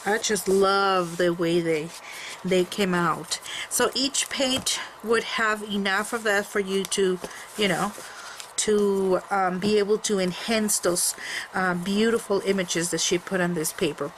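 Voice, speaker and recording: A woman chats about her handmade album in a loose, rambling way, full of fillers and restarts. Her voice sits at an everyday middle pitch. A faint room noise runs under the camera mic. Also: unhurried, fairly bright tone, poor audio. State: coughing from allergies. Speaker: crafter showing a handmade album. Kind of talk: casual show-and-tell.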